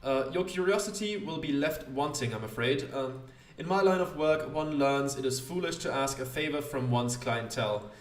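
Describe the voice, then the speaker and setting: A man plays a gruff middle-aged smuggler who bargains hard. He speaks curtly, sounding roomy and set back from the mic. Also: mid-range voice, moderate pace, distant mic, natural voice.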